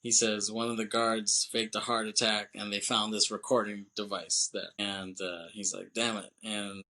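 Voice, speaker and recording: A male podcast host recaps a film with loose, animated energy, jumping into quick impressions of the characters and laughing along the way. His voice is bright and forward. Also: on the low side. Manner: animated retelling, acts out character lines, laughs often, swears. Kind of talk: casual movie recap.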